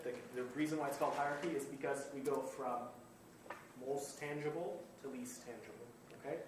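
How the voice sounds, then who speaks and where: A man lecturing in a classroom, set a little high for a male voice, picked up from a distance in a very echoey room with faint room noise underneath. He explains patiently, rephrases as he goes and keeps asking "okay?" to check in with his students. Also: expressive, moderate pace. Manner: repeats and rephrases points while thinking aloud. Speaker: university lecturer.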